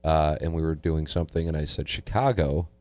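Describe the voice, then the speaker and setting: A man's voice: a bass voice, monotone, fast, warm tone, dry recording. A middle-aged man from Missouri hosting a radio show, reading listener messages and chatting casually. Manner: reads listener messages aloud. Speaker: radio host.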